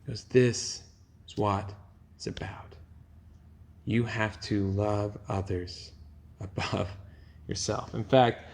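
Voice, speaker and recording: A man teaching a youth group in a casual, animated storytelling way, laughing often and using casual fillers. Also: lowish voice, slow, gravelly, a little hiss or hum. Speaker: youth pastor.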